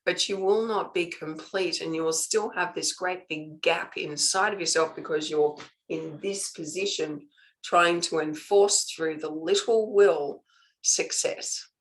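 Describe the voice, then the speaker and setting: An older woman teaching a spiritual master class, emphatic and punctuating her points with "okay", drawing out key words slowly. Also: fairly low pitch, rough recording.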